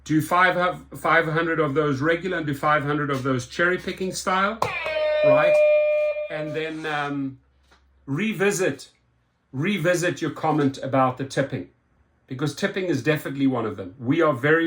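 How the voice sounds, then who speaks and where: A man's voice: a little high, moderate pace, fairly bright tone. A man hosting a rideshare talk show, reading a news article aloud and reacting to it with indignant, sarcastic commentary, often repeating and restarting words. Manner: indignant, exasperated, with sarcastic asides.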